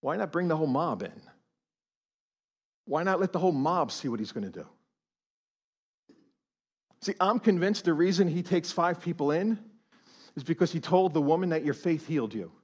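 A man, a pastor, preaching a sermon in a church, animated and swinging from hushed tones to loud emphasis. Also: on the high side. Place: church auditorium.

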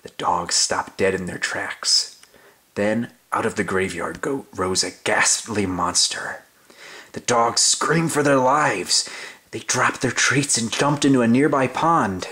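A young adult man with a lowish, bright, forceful voice reads a children's story slowly. His delivery is overly silly and exaggerated, playful and sing-song.

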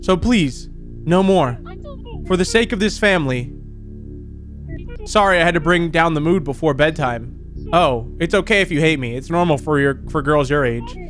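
Man reading creepy doting mother from a horror game, high voice, faint music under. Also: normal speed, pauses often, a bit bright, natural voice. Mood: tender, regretful. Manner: reads game dialogue aloud in plain voice. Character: eerie doting mannequin mother, female, middle-aged.

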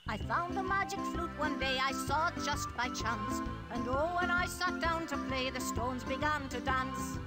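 A woman's voice: sits high, a little slow, hardly any pauses, loud music behind the voice. A woman voicing a young boy who recounts his adventures in rhymed verse for an educational computer game. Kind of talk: 1990s educational game voice acting.

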